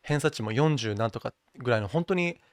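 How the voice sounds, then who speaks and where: A man's voice: medium pitch, animated, racing, no room sound, studio quality. A young man from Japan with a mixed international English accent, chatting casually as an interview guest and switching between English and Japanese.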